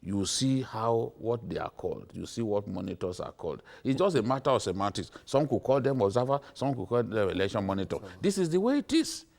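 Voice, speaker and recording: Middle-aged nigerian guy on a tv panel, lowish voice, hammers his point over and over. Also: big pitch swings, a little fast, creaky, few pauses, a little mellow. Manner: emphatic, repetitive, lecturing. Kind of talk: studio panel discussion. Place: TV studio.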